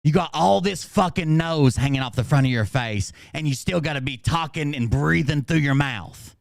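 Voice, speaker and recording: A man's voice: on the high side, normal speed, creaky, dry recording, studio quality. A man hosting a livestream, ranting in an angry, combative way and swearing constantly. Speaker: channel host.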